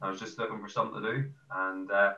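A man's voice: fairly low pitch, little pitch movement, quick pace, bright, forceful tone, roomy sound, distant mic, muffled recording. An Irish man being interviewed as a guest about playing amateur football, chatty with playful boasts. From Ireland. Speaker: guest, amateur footy ruckman. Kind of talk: casual podcast interview.

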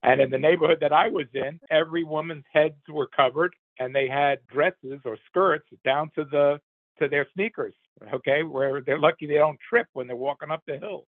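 A man's voice: on the high side, normal speed, dry recording. An older man, the host's father, rambling earnestly through his opinions in a casual commentary. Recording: tinny phone line.

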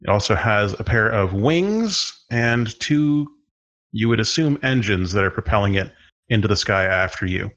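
A man with a fairly low voice narrates as the game master of a tabletop game. He describes the action at an easy, unhurried pace, with plenty of "uh"s along the way. The recording sounds dull and lo-fi. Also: animated, fairly bright tone. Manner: unhurried, descriptive, with filler words.

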